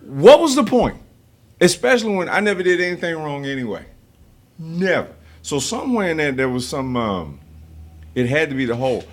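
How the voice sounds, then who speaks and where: A man's voice: mid-range voice, animated, moderate pace. A man, hosting a podcast and telling stories in a blunt, profane way. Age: 50s. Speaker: podcast host. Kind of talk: casual podcast chat.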